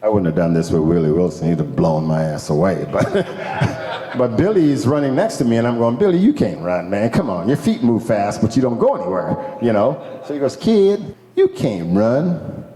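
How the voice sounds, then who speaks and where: A man's voice: on the low side, normal speed. Older man telling stories, echoey hall. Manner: animated, acts out quoted people, laughs often, swears. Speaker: former pro ballplayer, guest speaker. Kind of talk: casual storytelling to a crowd. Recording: echoey hall with long reverb.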